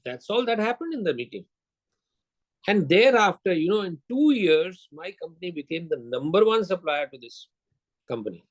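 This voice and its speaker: A man's voice: high voice, very animated, normal speed, rough recording. Older man telling sales stories. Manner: storytelling, acts out dialogue, quizzes the audience. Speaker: sales lecturer. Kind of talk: lecture with anecdotes.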